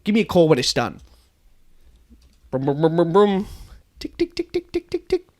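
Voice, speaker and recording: A man's voice: fairly high pitch, expressive, normal speed, pitched below the performer's own voice, lightly acted. A man voicing a blind, foul-mouthed female bus tour guide in a comedic storytelling podcast. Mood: irritated, scheming. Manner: swings from chirpy guide patter to furious swearing.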